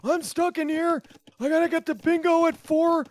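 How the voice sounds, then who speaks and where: A man doing a cranky high-voiced old monk. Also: steady tone, moderate pace, no echo. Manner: cranky, scolding. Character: grumpy old male monk stuck waiting.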